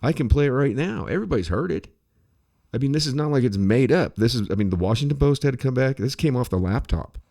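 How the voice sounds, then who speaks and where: A man's voice: medium pitch, lively intonation, fast talker, a little mellow. A man ranting bluntly in casual podcast chat, swearing freely. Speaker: podcast co-host.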